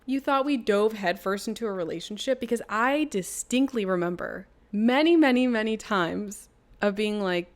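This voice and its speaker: A woman's voice: medium pitch, animated, moderate pace. Wry woman streamer commenting on a game. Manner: wry, sarcastic, incredulous. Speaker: streamer playing a story game. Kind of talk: casual let's-play commentary.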